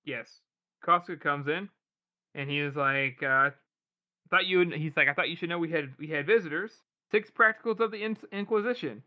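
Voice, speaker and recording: A man co-hosting a podcast, casually retelling scenes from a book with quick quoted lines and laughs. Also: on the high side, muffled recording. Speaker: podcast co-host. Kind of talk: casual book-discussion chat.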